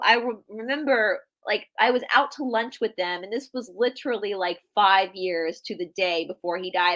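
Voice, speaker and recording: Woman, young adult, video call, casual live chat, earnest storytelling, frequent restarts, mid pitch. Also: fairly bright tone. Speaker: podcast co-host.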